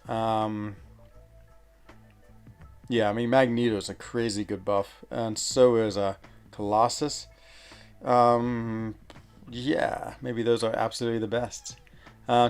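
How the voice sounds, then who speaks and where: A man chatting casually on a game stream, wandering from thought to thought and filling pauses with "um" and "what you call it." His pitch sits in an ordinary middle range. Soft game music plays faintly underneath him. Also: clean tone. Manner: rambling, many fillers and searches for words. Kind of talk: casual live-stream chat.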